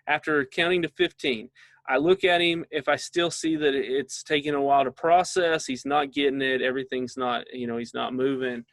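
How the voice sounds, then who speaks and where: A man's voice: mid-range voice, fairly quick, fairly bright tone, dry recording. A middle-aged man, a father, leading a casual training session for parents and often checking in with his listeners.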